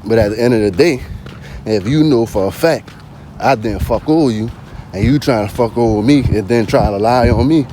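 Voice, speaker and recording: A man's voice: mid-range voice, normal speed, dark tone, slight background noise. Slangy man talking outdoors. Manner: slangy, peppered with "you hear me". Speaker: vlogger. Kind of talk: casual spoken monologue.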